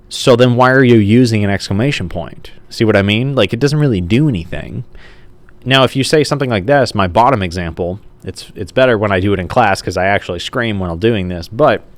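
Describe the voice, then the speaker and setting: Recorded on a camera mic with no room sound, this grammar lesson features a man whose pitch sits fairly low. He chats casually while writing on a page, dropping in "like" and often asking the class "okay?"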